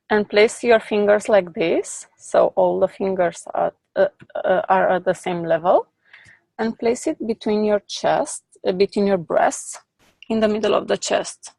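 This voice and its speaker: Slow-paced woman leading a group exercise. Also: medium pitch, vocal fry, a little mellow, dry recording. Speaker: workshop facilitator.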